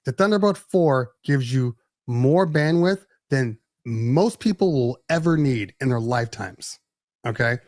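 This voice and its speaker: A man's voice: mid-range voice, lively intonation, a little slow, a little mellow, dry recording, clean studio sound. A man hosting a podcast, chatting casually and explaining with many restarts. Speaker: podcast host. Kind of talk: casual tech chat.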